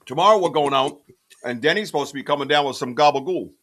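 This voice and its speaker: Excitable rambling podcast host guy. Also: a little high, fast talker. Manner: excitable, rambling, shout-outs to chat. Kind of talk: casual livestream chat. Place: home studio.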